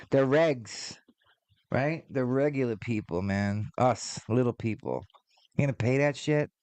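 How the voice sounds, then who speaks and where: A man's voice: mid-range voice, dry recording. Man, forties, podcast host, casual rant, profane, rambling, dry recording. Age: 40s. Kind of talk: casual ranting monologue.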